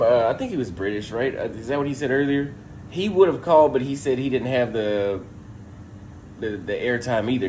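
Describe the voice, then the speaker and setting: A man's voice: medium pitch, darkish tone, a little hiss or hum. A man on a livestream recounting a theft in an exasperated, profane rant, acting out what others said. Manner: exasperated, profane, acts out dialogue. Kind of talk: animated storytelling rant.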